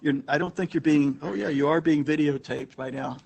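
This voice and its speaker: Man, meetup host, slightly high voice, rambling storyteller, casual talk to a live room. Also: a little fast, vocal fry, darkish tone. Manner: chatty, anecdotal, frequent restarts. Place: meeting room with a live audience. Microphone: room recording mic.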